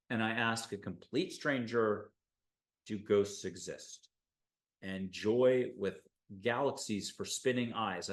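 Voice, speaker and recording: A man from the United States hosting a spiritual show, talking in an enthusiastic, rambling monologue full of animated asides. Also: lowish voice. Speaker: host.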